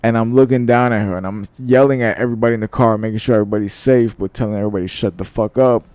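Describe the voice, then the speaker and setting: A man's voice: fairly low pitch, racing, no room sound. A man co-hosting a podcast, casual and laid-back in chat, swearing as he tells a story. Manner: laid-back, swearing, shifts from mumbled asides to animated telling. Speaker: podcast co-host.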